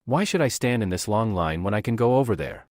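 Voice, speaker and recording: A man voicing a defiant young male low-born hero in a recap story, angry and challenging. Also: lively intonation, brisk, dry recording, studio quality, lightly acted.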